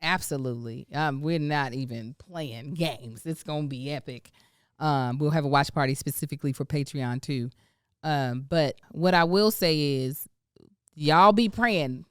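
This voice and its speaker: A woman hosting a casual podcast chat, expressive, laughing often and drawing out words for emphasis. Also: low voice, a little slow, smooth, no echo, clean studio sound. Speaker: podcast host.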